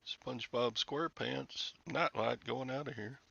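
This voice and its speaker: Gravelly bright-voiced man hosting a chat show. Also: mid-range voice, measured pace, no echo, muffled recording. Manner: chatty, laughs often, rambling anecdotes. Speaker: show host. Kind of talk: casual live-stream chat.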